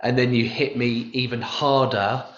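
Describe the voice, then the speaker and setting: A man's voice: medium pitch, flat delivery, measured pace, reverberant, highs cut off, a little hiss or hum. A man answering press-conference questions in a rambling, self-deprecating, jokey way. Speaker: rugby player at a press conference.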